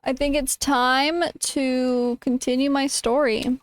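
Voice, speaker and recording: A woman VTuber streaming a game in casual chat, dramatic, swearing a lot and bursting into shouts, her throat strained from yelling. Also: high-pitched, little pitch movement, takes it slowly, clear, resonant tone, no room sound, low-quality recording.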